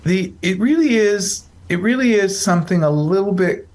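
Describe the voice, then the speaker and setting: A man's voice: high-pitched, expressive, normal speed, darkish tone. A man hosting a casual psychology podcast, explaining a study in a rambling, self-correcting, joking way. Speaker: psychologist host.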